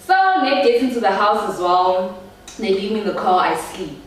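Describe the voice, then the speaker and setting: A young woman telling a story to her viewers in an animated, slangy way. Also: mid-range voice, normal speed, distant mic. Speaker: vlogger. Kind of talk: storytime chat. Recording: echoey room, voice a bit off-mic.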